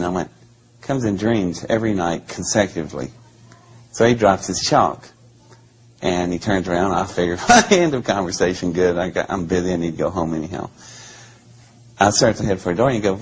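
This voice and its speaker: Interview guest, male, older, low husky voice, animated storyteller who does the voices of the people he quotes. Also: moderate pace, long pauses, rough recording.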